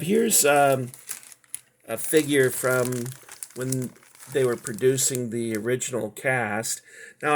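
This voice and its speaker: Middle-aged male collector host, unhurried, rambling casual chat full of ums. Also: mid-range voice. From Southern California. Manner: rambling, halting, many fillers. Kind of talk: casual show-and-tell chat.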